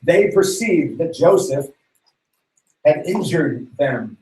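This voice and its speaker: A man's voice: a little high, lively intonation, slow pace, mellow, reverberant, far from the mic, low-quality recording. A man preaching to young people in a casual, slangy way, retelling a story and acting out its characters. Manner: slangy, playful, acts out characters' voices. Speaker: youth pastor.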